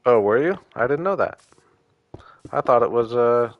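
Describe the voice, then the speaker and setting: A man talks easily to his viewers during a gaming stream. His delivery is loose and teasing, broken by small pauses and fillers. His voice sits at an ordinary middle pitch. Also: no echo, highs cut off. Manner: relaxed, joking, hesitant with fillers. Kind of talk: casual live-stream chat with viewers.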